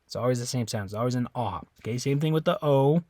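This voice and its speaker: Casual male teacher, mid pitch, relaxed self-correcting delivery, dry sound. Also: no echo. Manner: casual, repeats words slowly, frequent okays and self-corrections. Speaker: Spanish teacher. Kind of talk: informal classroom explanation.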